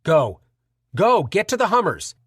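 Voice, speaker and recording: A man voicing a wounded male sergeant who shouts frantic, desperate orders. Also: high-pitched, huge pitch swings, unhurried, husky, no echo, studio quality, pitched above the performer's own voice, full character voice.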